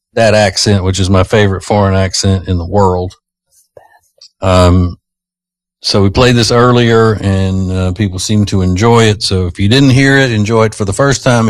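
Male morning radio host, lowish voice, loose chatty banter, dry close mic. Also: no echo. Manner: laughs often, loose and chatty.

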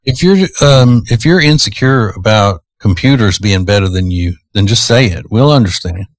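A man's voice: fairly low pitch, animated, moderate pace, no room sound. A man, hosting a morning radio show and chatting in a teasing, opinionated, rambling way. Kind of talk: casual morning-show chat. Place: radio studio. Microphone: studio microphone.

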